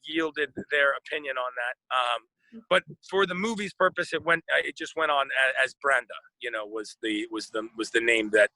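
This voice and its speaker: An American actor chatting casually in an interview, rambling with lots of fillers and restarts. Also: male voice, medium pitch, normal speed, bright, forceful tone, dry recording, rough recording. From United States.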